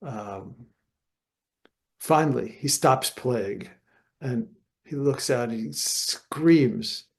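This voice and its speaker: An older man with a gravelly, fry-laced voice is a guest in an interview. He tells lively anecdotes and slips into other people's voices as he goes. His pitch sits in the middle for a man. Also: drawn-out words, pauses often. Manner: animated anecdotes, acts out voices. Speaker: guest jazz guitarist. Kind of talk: storytelling interview.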